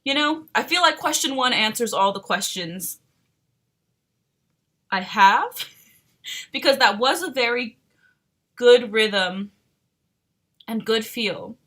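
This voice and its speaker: A woman's voice: a little high, animated, slow pace, long pauses, fairly bright tone. A woman streamer chatting casually as she reacts to music, giggling often and full of questions.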